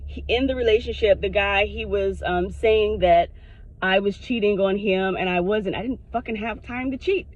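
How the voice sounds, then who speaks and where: A woman vlogger telling a personal story to her camera in a frank, animated way, swearing freely. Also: mid-range voice, moderate pace, no room sound. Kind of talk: casual storytime monologue. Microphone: self-recorded on camera. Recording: dull lo-fi sound.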